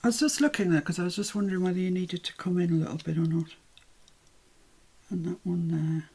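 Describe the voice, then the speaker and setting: Host: English woman, slightly low-pitched and breathy, chatty live-craft presenter who narrates her own work and pokes fun at herself. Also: fairly quick, a little mellow. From England. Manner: chatty, self-deprecating, thinks aloud while working.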